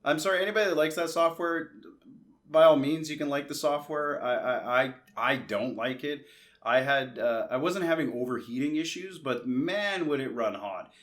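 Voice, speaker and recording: A man's voice: a little high, moderate pace, a bit bright. Chatty man telling a rambling story. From Canada. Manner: chatty, re-enacts conversations in quoted asides, frequent restarts. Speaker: tech vlogger.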